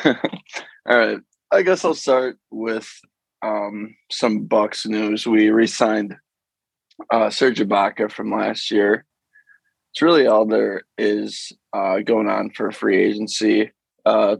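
Man, low gravelly voice, husky, casual sports podcast chat, easygoing. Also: dry recording, poor audio. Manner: easygoing, rambling, many fillers. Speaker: podcast co-host.

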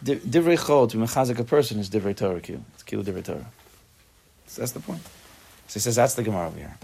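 Husky fast-talking rabbi teaching a class. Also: male voice, fairly low pitch. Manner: quick, animated, chatty with students. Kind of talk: informal Torah class.

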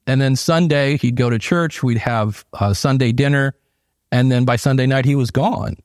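A man's voice: mid-range voice, moderate pace, darkish tone, no echo, studio quality. A middle-aged man, preaching a sermon in a casual, conversational way with asides. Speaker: pastor.

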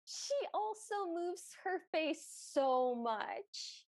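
High, slow-talking woman co-host, dry close sound, easy chatty recap. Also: expressive, no room sound. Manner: unhurried storytelling with giggles. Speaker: podcast co-host. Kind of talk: casual recap chat.

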